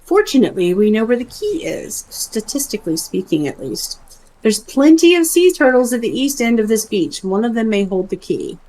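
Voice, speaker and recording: A woman's voice: a little high, big pitch swings, normal speed, darkish tone, rough recording. A woman reading a formal quest-giver's lines aloud from a game in her own plain, lightly wry voice.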